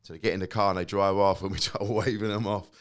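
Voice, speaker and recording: A middle-aged man, a guest comedian telling lively anecdotes and acting out quotes, swearing freely. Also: low-pitched, fast.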